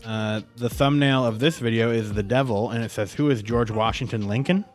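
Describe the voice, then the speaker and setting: Young guy on a podcast, deadpan and blunt, faint music behind. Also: mid-range voice, fairly quick. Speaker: podcast co-host. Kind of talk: casual chat.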